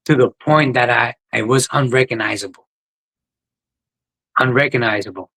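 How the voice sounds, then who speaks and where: A man's voice: mid-range voice, bright, forceful tone, rough recording. A man, a podcast guest telling his life story in a plain-spoken, earnest way. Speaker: guest, ultra runner. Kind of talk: podcast interview, personal story.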